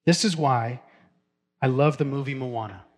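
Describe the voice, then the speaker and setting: A man's voice: mid-range voice, normal speed. A middle-aged man, a pastor, preaching a sermon in a casual, story-telling way and laughing now and then. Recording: long hall reverb.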